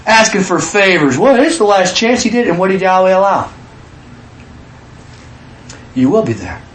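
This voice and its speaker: A man preaching a sermon in an animated way, acting out quotes with sudden shouts. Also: sits high, unhurried, pauses often, roomy sound.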